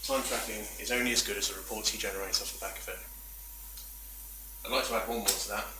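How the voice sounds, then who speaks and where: A man's voice: on the low side, steady tone, quick pace, noisy background. A man giving a chatty, self-deprecating talk at a meetup, full of rambling asides. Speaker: conference speaker. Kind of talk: presentation talk. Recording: echoey room from far off.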